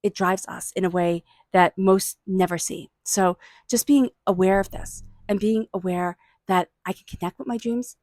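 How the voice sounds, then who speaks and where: Woman giving a soft spiritual tarot reading. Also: medium pitch, steady tone, normal speed, hardly any pauses, no echo. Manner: soft, murmured invocations to angels and spirit guides. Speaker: tarot reader. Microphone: own microphone.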